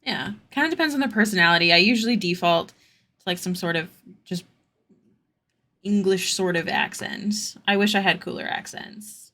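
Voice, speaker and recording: A woman's voice: medium pitch, normal speed, sharp tone. A young woman streamer chatting casually with her viewers while she draws, answering their questions in rambling asides.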